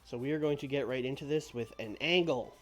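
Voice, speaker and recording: A man's voice: medium pitch, brisk. A male streamer giving rambling casual commentary while playing a management game, with many fillers. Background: music.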